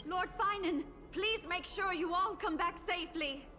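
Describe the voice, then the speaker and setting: A woman's voice: very high voice, bright, forceful tone, heavily acted. A woman voicing an adoring female townsperson in a game, speaking with awe, with reverb and music behind. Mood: awed. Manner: slow, awed and fervent. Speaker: game character.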